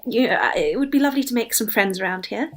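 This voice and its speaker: A woman's voice: on the high side, expressive, fast, a little hiss or hum, lightly acted. A woman playing a nosy, effusive young lady in a tabletop game. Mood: gushing. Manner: gushing, effusive and prying. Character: posh, nosy young lady, overly eager friend. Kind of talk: in-character tabletop role-play.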